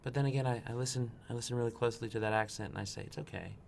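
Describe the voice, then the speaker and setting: A man from the Southeastern United States chatting casually, relaxed and easygoing, with some swearing. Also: mid-range voice, very fast, vocal fry, a little hiss or hum. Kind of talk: casual chat.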